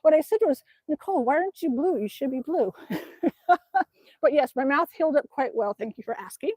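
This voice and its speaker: A woman's voice: high-pitched, animated, a little fast, dry recording. Chatty woman cooing to her dog. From Alaska. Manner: chatty, laughs often, coos softly to her dog. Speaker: livestream host reading chat. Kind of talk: casual livestream chat.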